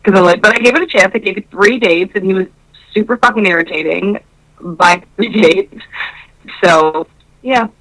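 A woman in casual podcast chat, loud and profane, retelling a date with many fillers and acting out both sides of the conversation. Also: mid-range voice, normal speed, rough recording. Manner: animated storytelling that acts out both sides of a conversation.

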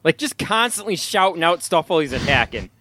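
A man's voice: fairly high pitch, big pitch swings, a little fast, pushed and bright, dry recording. A man co-hosting a podcast in casual chat, making wry jokes. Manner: joking, wry asides. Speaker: podcast co-host.

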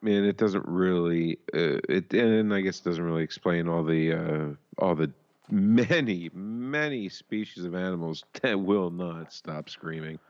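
A man's voice: sits low, unhurried, a little mellow. A man co-hosting a podcast in casual comedic chat, rambling and sarcastic, laughing often. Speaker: podcast co-host. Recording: dull lo-fi sound.

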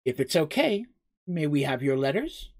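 A storyteller voicing a kind woman who asks politely in a soft, even tone. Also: mid-range voice, moderate pace.

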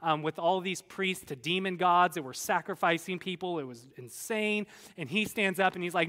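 A man preaching a sermon, retelling Bible stories in a lively, conversational way and briefly acting out the people in them. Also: high-pitched, normal speed, in a large hall. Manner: animated storyteller, acts out voices of biblical figures. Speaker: pastor.

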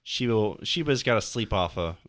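A man's voice: fairly low pitch, animated, fairly quick, a bit bright, no room sound. A man co-hosting a podcast, chatting casually over a movie and tossing out absurd joking one-liners. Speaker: podcast co-host.

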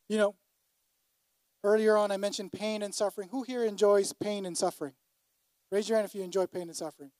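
A man's voice: sits high, fairly even intonation, a little fast, pauses often, a little mellow, dry recording. A man preaching a sermon to a congregation, emphatic, repeating his key phrases. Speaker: pastor.

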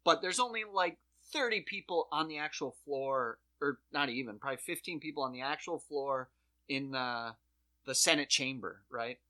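A podcast co-host tells a long story in loose, profane chat, jumping into quick voices for the people in it. The voice is bright and forward, with a tense edge. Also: medium pitch, animated. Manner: swearing storyteller who acts out quotes. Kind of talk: casual chat.

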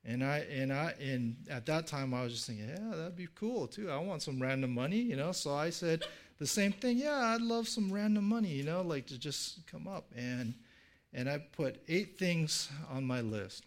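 A middle-aged pastor preaches a sermon in a relaxed storytelling style, full of fillers and restarts. His voice is fairly high at a moderate pace, and he acts out the people he quotes in a livelier voice.

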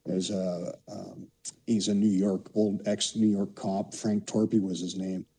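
A man's voice: sits low, flat delivery, a little slow, dark tone, a little hiss or hum, poor audio. A man in his sixties from Canada, a podcast guest telling rambling anecdotes laced with "you know". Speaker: podcast guest, former hockey player. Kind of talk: casual storytelling.

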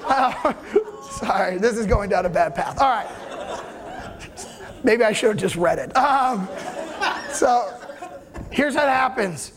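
High-voiced, animated preaching man. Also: slow pace, long pauses, a crowd in the background. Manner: animated, laughing, asks for agreement. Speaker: pastor. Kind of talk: sermon.

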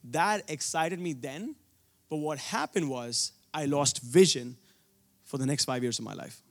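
A man's voice: on the high side, measured pace. A young man from India preaching a sermon, telling a personal story earnestly, with frequent restarts.

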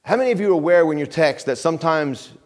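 A middle-aged man preaching a calm, conversational sermon in a church, often dropping to a quiet low voice and asking the congregation questions. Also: fast. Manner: asks the congregation questions and repeats phrases. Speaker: pastor. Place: church sanctuary.

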